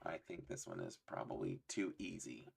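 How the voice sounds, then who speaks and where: A man's voice: a bass voice, very animated, normal speed, creaky, husky. A man hosting a casual trivia livestream, playful, laughing often and reading chat aloud. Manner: fond of doing voices. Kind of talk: casual live-stream chat.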